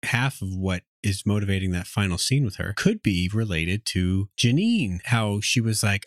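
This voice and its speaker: A man co-hosting a casual TV recap podcast. He speaks in a measured, thoughtful way with dry asides. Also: on the low side, no room sound. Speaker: podcast co-host.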